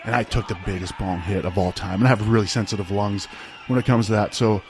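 Chill guy rambling thru a story, kinda low voice, lots of "like" and "right?". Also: steady tone, fast talker, darkish tone, slight background noise. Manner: rambling, laid-back, peppered with "like" and "right?". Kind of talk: casual personal storytelling.

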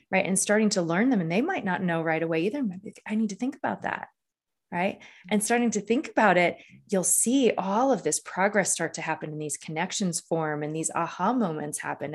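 A woman with a slightly low voice talks as a leadership coach in an interview. She tells stories earnestly and keeps checking in with her listener, dropping a "right?" at the end of her points. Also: breathy edge. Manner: earnest, storytelling, frequent "right?" tags. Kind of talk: conversational interview.

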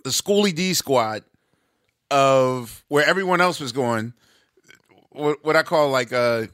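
A man's voice: mid-range voice, lively intonation, takes it slowly, fairly bright tone, smooth, no room sound, clean studio sound. A man hosting a casual interview, enthusiastically breaking down music with spoken examples. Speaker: podcast host.

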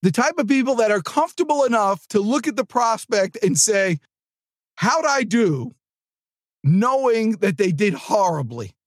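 A man hosting a sales podcast, talking in an energetic, rambling, chatty way with asides to his producer. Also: sits high, a little slow, dry recording, clean studio sound. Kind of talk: casual motivational monologue. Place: studio.

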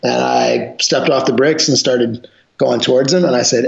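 On a podcast, a male jiu-jitsu instructor rambles through wild, profanity-laced stories in a relaxed, animated way. He talks unhurriedly in a medium-pitched, creaky voice, captured with a roomy, muffled lo-fi sound.

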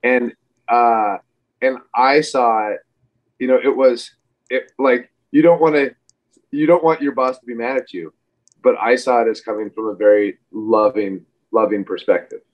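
Man in his forties, mid-pitched, rambling interview guest, slightly muffled audio. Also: fairly even intonation, moderate pace. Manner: rambling, full of fillers and restarts. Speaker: podcast guest, wrestler. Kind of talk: casual interview chat.

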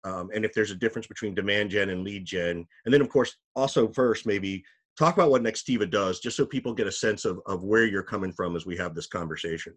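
A man's voice: on the low side, quick pace, fairly bright tone. A man hosting a casual podcast, giving upbeat, jokey introductions. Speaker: podcast host.

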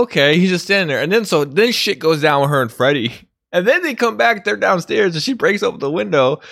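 A man casually discussing a movie with a friend, animated and swearing as he acts out scenes. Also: high-pitched, creaky, no echo, studio quality.

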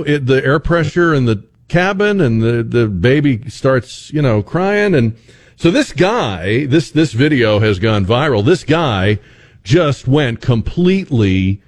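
A male radio host delivers commentary with a dry, joking edge, often stopping and restarting mid-thought. His pitch rises and falls widely as he talks. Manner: wry, joking, animated with many restarts. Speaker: radio talk show host.

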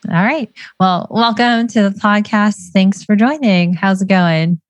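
A woman's voice: mid-range voice, measured pace, no room sound, soft background music. A woman hosting a podcast, introducing her guest in an upbeat, promotional way. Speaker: podcast host.

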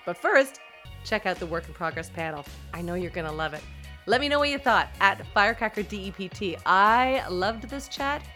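A woman hosting a podcast, introducing a panel with effusive, excitable energy and playful teasing. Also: medium pitch, moderate pace, soft background music. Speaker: podcast host.

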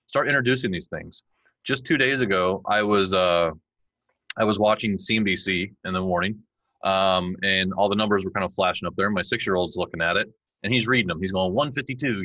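Bright-voiced man telling stories. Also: on the low side, no room sound, rough recording. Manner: animated storyteller, acts out his kids' lines. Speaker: podcast guest. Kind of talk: conversational interview.

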